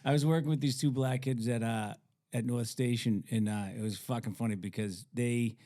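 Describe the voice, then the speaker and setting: A man's voice: medium pitch, fairly even intonation, normal speed, warm tone. A man telling a crude work story on a podcast, swearing and laughing as he goes. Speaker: podcast guest, ironworker. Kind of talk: casual storytelling.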